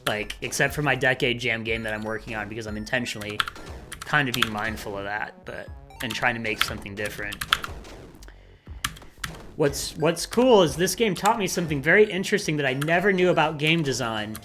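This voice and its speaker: Over background music, a game streamer plays live and talks in a medium-pitched, expressive voice, a little fast. He chats in a rambling, casual way and mutters to himself while clicking around.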